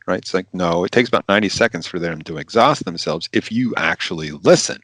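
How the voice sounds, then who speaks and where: A man, a physician, giving practical advice in an animated, emphatic podcast interview, repeating his key phrases. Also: deep voice, fast, hardly any pauses, dry recording.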